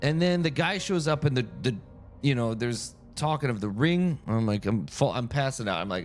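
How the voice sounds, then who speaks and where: A man's voice: medium pitch, lively intonation, moderate pace, faint music behind. A man from France streaming a game, chatting casually in a rambling storytelling way that keeps breaking off and restarting. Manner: rambling, self-interrupting storyteller. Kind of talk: casual chat while playing.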